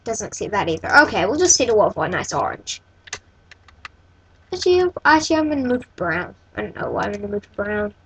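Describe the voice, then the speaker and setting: A woman's voice: mid-range voice, very animated, fast, hardly any pauses, slight background noise, rough recording. A woman hosting a casual coding tutorial, thinking aloud and correcting herself as she works. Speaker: tutorial host.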